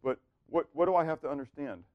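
A man preaching a sermon, asking the room rhetorical questions and swinging from hushed, quiet lines to loud, excited ones. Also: a little high, quick pace, no echo, muffled recording. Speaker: pastor.

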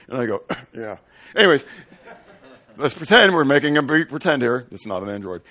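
A man's voice: medium pitch, fairly quick. A man preaching a sermon, quizzing the congregation and acting out little scenes to explain his point. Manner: animated, asks the room questions and acts out little scenes. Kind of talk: sermon teaching with questions to the congregation.

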